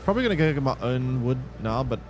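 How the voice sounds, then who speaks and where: A male game streamer with a lively voice that jumps up and down in pitch, calling out as he plays. His pitch sits mid-range. Faint game music plays quietly underneath him. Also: quick pace. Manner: animated, exclaims and talks to chat. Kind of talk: live gameplay commentary.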